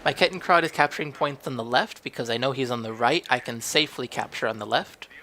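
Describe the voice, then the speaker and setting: A man's voice: medium pitch, fast, sharp tone, slight background noise. A young man casually narrating a strategy game match he recorded, rambling and questioning his own moves as he goes. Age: young adult. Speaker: gaming channel host. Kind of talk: gameplay commentary.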